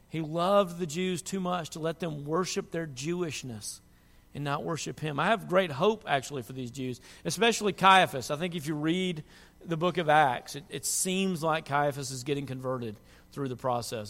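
A man preaching a sermon, moving from quiet reflection to loud, impassioned pleading. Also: on the high side, moderate pace. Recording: long hall reverb.

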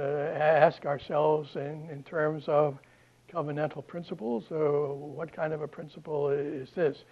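A man lectures in a slightly high, monotone voice with a husky edge, stumbling through fillers and restarts. The recording is dull and lo-fi, like an old classroom tape. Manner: halting, many fillers and restarts. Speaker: Bible lecturer.

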